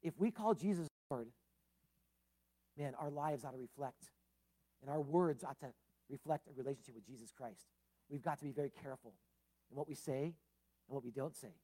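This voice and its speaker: A pastor preaches a sermon at normal speed with long pauses, his delivery swinging from loud emphasis to soft, low tones. He drops in casual asides such as "man" and "uh."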